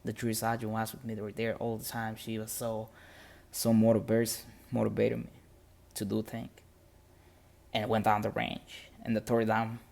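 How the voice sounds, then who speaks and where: A man's voice: on the low side, gravelly. A man telling a motivational story on a podcast in earnest, plain-spoken English with non-native grammar.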